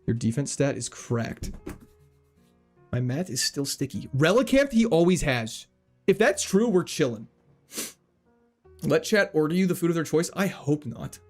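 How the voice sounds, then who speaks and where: A lively man streaming a game from home, cracking jokes and reading chat aloud. His slightly high voice swings all over the place as he talks. Soft music plays faintly behind him. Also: a little slow, long pauses. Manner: jokey, animated, reads chat aloud. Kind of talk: casual livestream commentary.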